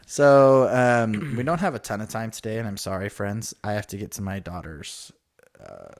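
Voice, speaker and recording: A man's voice: on the low side, moderate pace. A man in his thirties co-hosting a podcast, telling a story in casual chat and quoting the people in it. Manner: animated storyteller, quotes others in voices. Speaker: podcast co-host.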